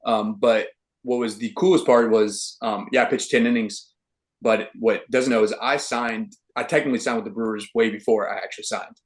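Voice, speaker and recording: A young man, a baseball pitcher, telling a story in a casual interview with lots of slangy "dude" and "like" fillers. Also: steady tone, moderate pace. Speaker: guest, professional baseball pitcher.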